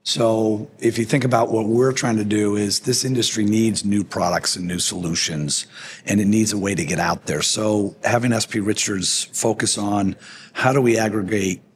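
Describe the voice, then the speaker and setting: A man's voice: fairly low pitch, steady tone, normal speed. A man speaking as a company executive in a casual business interview, plainspoken and joking, often restarting his sentences. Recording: noisy background.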